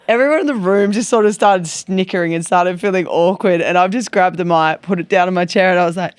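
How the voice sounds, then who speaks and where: A woman hosting a podcast, telling stories in a lively, self-deprecating way and acting out what people said. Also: medium pitch, moderate pace, clear, resonant tone, no room sound. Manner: animated, self-deprecating, acts out quotes. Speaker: podcast host. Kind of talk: casual chat, storytelling.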